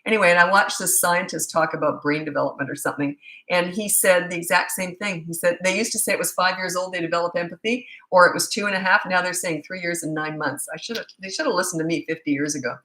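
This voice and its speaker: A woman's voice: fairly low pitch, fast, bright, forceful tone, roomy sound. A middle-aged woman coaching parents in a rambling, chatty live Q&A with many asides. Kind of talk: casual live Q&A.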